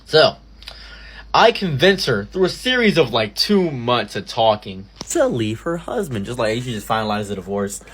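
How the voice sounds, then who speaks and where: A young man narrates a personal story in a storytime commentary, swinging between dramatic mock-grandiose lines and flat asides. His pitch sits mid-range for a man, and he leaps far higher for sudden exclamations. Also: moderate pace, slightly rough. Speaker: streamer telling a personal story.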